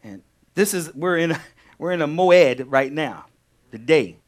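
A male pastor teaching a sermon, animated, repeating key phrases and firing questions at his congregation. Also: a little high, measured pace.

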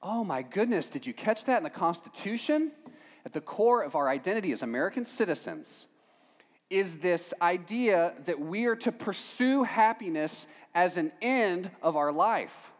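A man preaching a sermon to a congregation, animated, with jokey asides and frequent "right?" checks to the room. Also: high voice, moderate pace. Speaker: pastor. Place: church hall with a congregation. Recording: long hall reverb.

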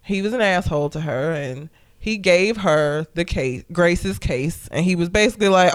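Blunt, smooth-voiced woman recapping a movie. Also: fairly low pitch, animated, moderate pace. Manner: blunt, profane, joking. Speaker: podcast co-host. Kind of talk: casual movie recap chat.

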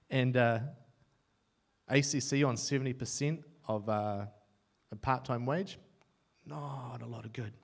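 Slow and creaky, with long pauses, a young man with a New Zealand accent preaches in a mid-range voice. He tells his own story with self-deprecating humour, shifting from loud to hushed as he speaks his thoughts aloud.

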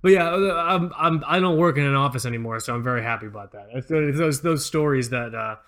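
A man hosting a podcast, telling a story in a casual, animated way, acting out quotes and laughing often. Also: mid-range voice, brisk. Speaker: podcast host.

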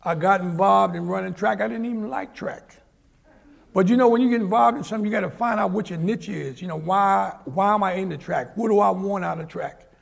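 A man's voice: high voice, brisk, gravelly. An older man from Harlem, a guest telling vivid stories on stage at a live event in a large auditorium and acting out the people in them. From Harlem, New York. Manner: vivid anecdotal storyteller, acts out the people in his stories. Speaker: guest, former Olympic sprinter. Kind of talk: storytelling on stage.

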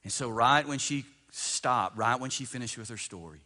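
A man in his fifties, a pastor preaching a sermon, swinging between loud emphatic bursts and hushed storytelling and repeating words as he builds up. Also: mid-range voice, normal speed. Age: 50s. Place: church sanctuary. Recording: long church-hall reverb.

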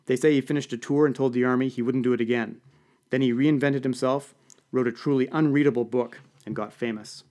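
A man's voice: mid-range voice, steady tone, a little fast, mellow, close to an everyday voice. A man voicing a confident, gossipy woman lobbyist who hosts a party. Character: woman lobbyist party host, knowing and chatty.

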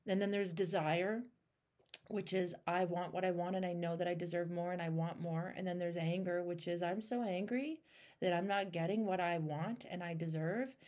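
A woman's voice: lowish voice, fairly even intonation, normal speed, darkish tone. A woman hosting a one-on-one coaching call, talking emphatically and acting out the voices in people's heads, with casual swearing. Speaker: life coach and show host.

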